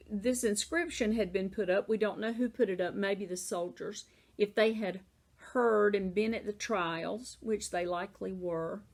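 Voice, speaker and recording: A woman's voice: mid-range voice, gravelly, darkish tone. A woman with a Southern American accent teaching a Bible lesson in a casual, conversational way, often saying "you know".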